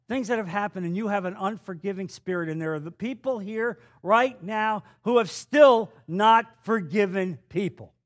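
A male pastor preaching a sermon, reading scripture and adding folksy, conversational asides. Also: high voice.

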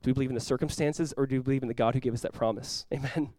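A male pastor preaching a sermon with lots of energy, acting out quoted voices with big jumps in pitch and volume. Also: fairly even intonation, very fast, mellow, no echo.

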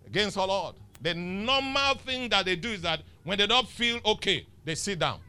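High, bright-voiced pastor preaching. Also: male voice, lively intonation, moderate pace, smooth. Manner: emphatic, teasing, rhetorical questions. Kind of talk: sermon. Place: church.

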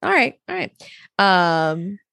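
A woman's voice: lowish voice, sing-song, slow pace, vocal fry, a bit bright, no echo, clean studio sound. A young woman co-hosting a casual chat podcast, playful and agreeable. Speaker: podcast co-host.

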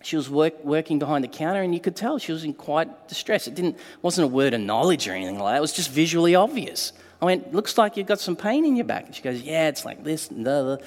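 A slightly high-voiced pastor speaks fast with few pauses in a large hall. His sermon is lively storytelling, complete with acted-out quotes.

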